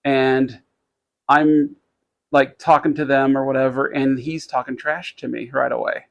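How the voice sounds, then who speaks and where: A man co-hosting a podcast, telling a story in casual chat, rambling and halting with many fillers, lively when he quotes others. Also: medium pitch, vocal fry, muffled recording. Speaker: podcast co-host.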